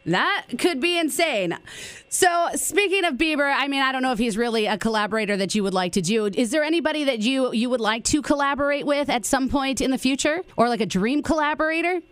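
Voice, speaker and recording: A woman hosts a radio interview, playful and teasing with her guest. Her voice sits a bit high and sounds dry and close. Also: expressive, fairly quick, smooth, no room sound. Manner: playful, teasing, laughs often. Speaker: radio host. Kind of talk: casual interview chat.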